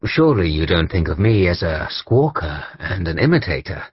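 A husky man with a lowish voice reads a story in the first person, and his pitch moves about a lot. The audio is dull and lo-fi, with a dry, close sound. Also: very animated, normal speed, no room sound. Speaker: audiobook narrator. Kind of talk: scripted first-person narration.

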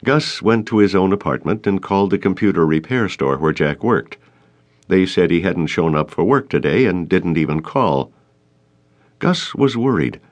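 Deep-voiced male audiobook narrator. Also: expressive. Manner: measured storytelling. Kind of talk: scripted narration.

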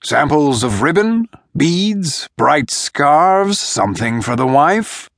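A man voicing a disguised gray-haired peddler in an audiobook, whining as he hawks and low when alone. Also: lively intonation, a little slow, fairly bright tone, no echo, clean studio sound. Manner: whining as a hawker, then low and grim. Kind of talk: audiobook character voice.

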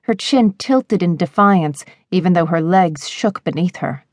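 A woman with a lowish voice reads a romance audiobook in a measured, expressive way. Her sound is dry and close, with no room around it. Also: no echo. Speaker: audiobook narrator.

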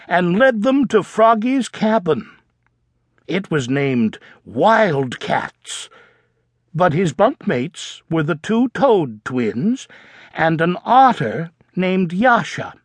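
Brief: male narrator for a kids' audiobook, slow and very lively in pitch, dry studio sound. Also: dry recording. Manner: playful, drawn-out, with sound effects. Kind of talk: children's storybook narration. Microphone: studio mic.

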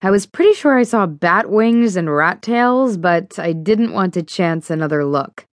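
A woman narrating a first-person audiobook in a steady, even storytelling manner. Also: lowish voice, measured pace, hardly any pauses, dry recording, studio quality.

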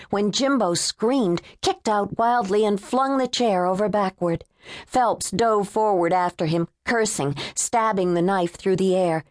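A woman narrating an unabridged thriller audiobook in a measured, tense storytelling manner. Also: medium pitch, darkish tone, dry recording. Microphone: close studio mic.

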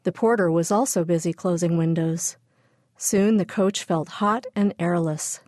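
A woman narrates a children's storybook in a clear, even manner. Her voice sits somewhat low, and the recording is dry and close with no room sound. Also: measured pace, no echo. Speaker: audiobook narrator. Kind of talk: scripted narration.

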